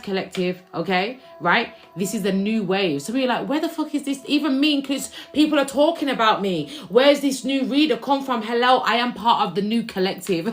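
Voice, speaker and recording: A woman giving a casual live-stream tarot reading, chatty and brash, swearing freely and calling her viewers babes and collective. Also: medium pitch.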